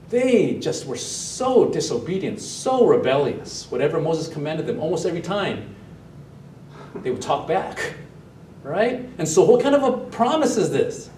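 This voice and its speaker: Pastor, male, mid-pitched, lively sermon delivery, recorded from a distance in a reverberant sanctuary with a faint hum. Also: moderate pace. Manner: animated, asks the congregation questions. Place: church sanctuary, also streamed online. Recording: roomy echo, mic at a distance.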